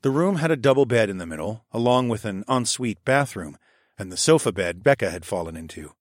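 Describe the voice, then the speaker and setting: A man narrating a first-person story in a steady, even reading voice on a close mic. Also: lowish voice, fairly quick, dry recording. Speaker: audiobook narrator.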